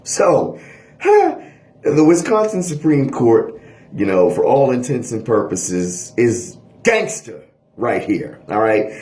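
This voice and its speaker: Animated male history lecturer, echoey room. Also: mid-range voice. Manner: animated lecturing, frequent "all right?" checks. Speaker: history teacher. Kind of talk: lecture video.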